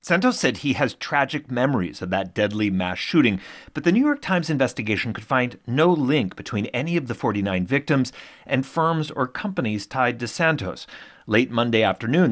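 A man delivering a news report in a measured, even manner. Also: lowish voice.

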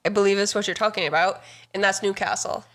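A woman co-hosting a relaxed home podcast, chatty and enthusiastic. Her voice sits at an ordinary middle pitch. She moves easily between banter and reading from her notes. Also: fast. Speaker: podcast co-host. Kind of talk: casual chat.

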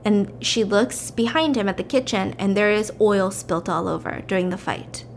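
A woman's voice: mid-range voice, normal speed, vocal fry, slight background noise. A woman hosting a podcast, casually retelling a film plot and acting out the quotes. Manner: animated, acts out the quotes. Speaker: podcast host.

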